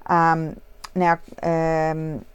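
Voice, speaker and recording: Low-voiced woman chatting through a craft project. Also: monotone, very slow, smooth, no room sound, lo-fi sound. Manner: rambling, with many self-corrections and trailing asides. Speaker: crafting vlogger. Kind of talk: casual crafting tutorial chat.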